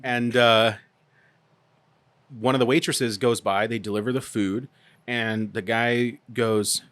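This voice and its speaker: A man in his thirties telling a story on a podcast, animated and swearing freely as he acts out the dialogue. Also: medium pitch, slow, long pauses, dry recording. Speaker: podcast co-host. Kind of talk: casual storytelling chat. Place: podcast studio.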